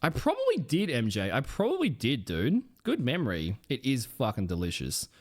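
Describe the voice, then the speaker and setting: A man's voice: mid-range voice, wildly swooping pitch, moderate pace. A man with a South Australian accent chatting casually with his stream chat, playful and smug, swearing offhand.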